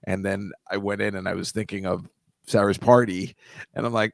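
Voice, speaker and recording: Low-voiced rambling man. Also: normal speed, vocal fry, no room sound. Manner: rambling, musing, laughs easily. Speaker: podcast co-host. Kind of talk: casual chat.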